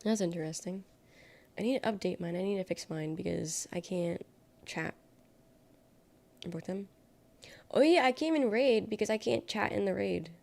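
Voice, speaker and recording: A woman's voice: mid-range voice, normal speed, gravelly, pauses often, darkish tone. A young adult woman streamer chatting casually and sarcastically, reading viewer comments aloud and rambling between topics. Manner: rambling, sarcastic, reacts to chat. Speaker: livestreamer.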